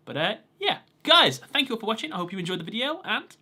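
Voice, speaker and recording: A man's voice: high voice, big pitch swings, fast talker, pushed and bright. A man hosting a casual video, reading things out with enthusiasm and laughing often. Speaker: video host.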